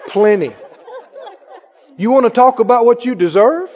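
A man's voice: measured pace, a little mellow, long reverb tail, dull audio, a faint crowd. A man preaching a sermon with an emphatic, repetitive delivery, firing rhetorical questions at his congregation. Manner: mimics others in a higher voice.

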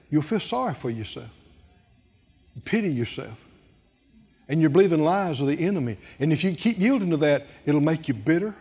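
Brief: man preacher, high and very lively voice, slow and emphatic, dramatic sermon. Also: husky. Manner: dramatic, acts out scripture scenes, emphatic repetition. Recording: long hall reverb.

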